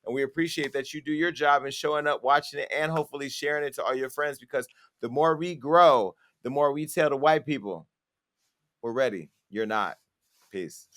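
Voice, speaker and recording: A man's voice: a little high, fairly quick, a bit bright. A man hosting a talk show, speaking bluntly and joking in casual chat with his co-hosts. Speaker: host.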